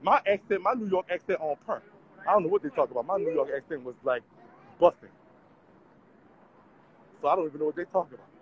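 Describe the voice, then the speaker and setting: A man's voice: on the high side, quick pace, long pauses, muffled recording, slight background noise. A man, vlogging on city streets in a brash, profane, laughing rant. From Louisiana. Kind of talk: casual street vlog rant.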